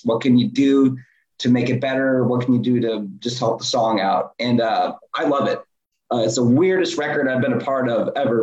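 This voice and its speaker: A man of middle pitch talking loosely about recording an album, with plenty of ums and likes. His voice comes through dull and lo-fi, in a roomy, echoey space. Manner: relaxed, rambling with fillers. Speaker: band member.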